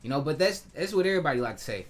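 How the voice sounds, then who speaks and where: A man's voice: a little high, big pitch swings, racing. Hurt, heated man venting. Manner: heated, hurt, swearing, with many restarts. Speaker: vlogger. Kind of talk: emotional personal vlog rant.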